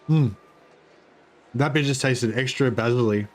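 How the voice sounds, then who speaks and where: A man giving casual, rambling commentary on his strategy game livestream, halting and talking while eating. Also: mid-range voice. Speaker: streamer.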